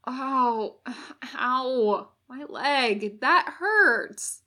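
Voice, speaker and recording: A woman's voice: fairly high pitch, fairly even intonation, slow, a bit bright, very echoey. A woman voicing an injured male demon who grunts and murmurs in pain.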